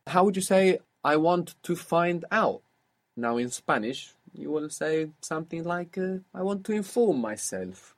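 A man's voice: a little high, expressive, unhurried. A man teaching a language lesson, patiently prompting and explaining.

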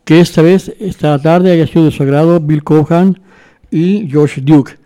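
A man hosting a radio music program, announcing the next piece in a relaxed, slightly hesitant way. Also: on the high side, normal speed. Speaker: radio music show host.

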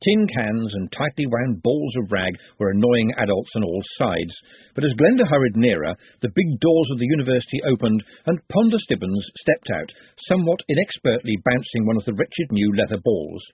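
A man narrating a story in a dry, wry, measured way. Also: mid-range voice, sing-song, slightly rough, no echo. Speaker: audiobook narrator. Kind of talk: scripted narration. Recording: dry, phone-like narrow sound.

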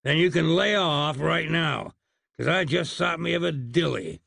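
A man's voice: a little high, measured pace, creaky, pushed and bright, no echo, voice pushed up, exaggerated voice. A man voicing a sly, scheming middle-aged frontier cowboy who talks in a folksy drawl.

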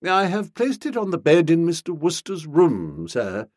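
A man doing a grave, hushed valet. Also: a little high, wildly swooping pitch, a little slow, dry recording, studio quality, pitched above the performer's own voice, full character voice. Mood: deferential. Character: solemn, unflappable male valet of middle age.

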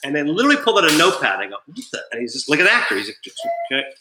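A man's voice: on the high side, racing, roomy sound, background noise. A man from Canada chatting as a guest on a sports talk show, animatedly acting out quotes in his stories. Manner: animated storyteller, acts out quotes. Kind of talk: casual chat.

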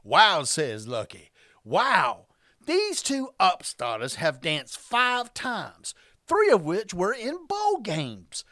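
A woman's voice: mid-range voice, wildly swooping pitch, slow pace, a bit bright, dry recording, clean studio sound. A woman hosting a sports picks podcast, narrating her script with a playful, exaggerated delivery. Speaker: podcast host.

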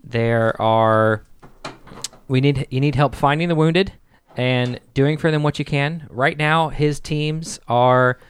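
A man narrating a tabletop game as game master, with halting speech and frequent restarts. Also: medium pitch, slight background noise. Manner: halting, full of restarts and fillers.

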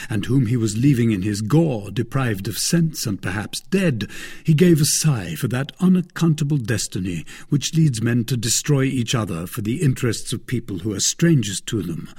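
A man narrating a classic adventure novel in a measured storytelling manner. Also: medium pitch, darkish tone, slightly rough. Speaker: audiobook narrator.

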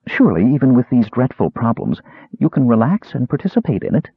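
A worried, gentle noblewoman from a storybook, as a man reads her, soft and pleading with a husky edge. The sound is dry and thin, like over a phone. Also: mid-range voice, big pitch swings, fairly quick, no room sound, phone-quality sound, heavily acted. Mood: concerned. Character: concerned noblewoman, gentle, long-married wife.

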